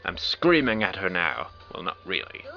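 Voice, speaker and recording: With a deep, sing-song voice and some vocal fry, a man reads game text aloud at a moderate pace for a let's play. He drops wry, sarcastic jokes between the visual novel's lines, in a dull lo-fi recording backed by faint game music.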